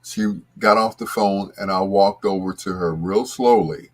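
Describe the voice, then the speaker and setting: A man hosts a radio show with a deep, low voice, chatting casually at a slow pace. He rambles, restarts and drifts into asides. His voice leaps up when something excites him. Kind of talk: casual storytelling chat.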